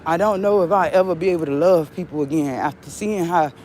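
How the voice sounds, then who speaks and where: A woman's voice: on the low side, fairly quick, darkish tone, a little hiss or hum. A middle-aged woman vlogging live while walking outdoors, rambling in a defiant, agitated and profane way. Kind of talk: rambling live vlog monologue.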